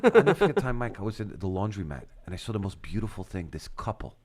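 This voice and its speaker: A man co-hosting a casual talk show, telling stories in an animated way and swearing freely. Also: lowish voice, rapid-fire. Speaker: co-host. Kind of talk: casual chat.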